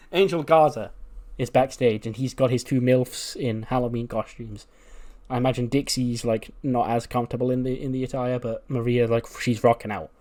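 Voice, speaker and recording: A man's voice: mid-range voice, fairly even intonation, normal speed, a little mellow. A man giving casual, chatty commentary on a wrestling booking game, laughing at himself and swearing casually. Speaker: YouTuber playing a wrestling booking sim.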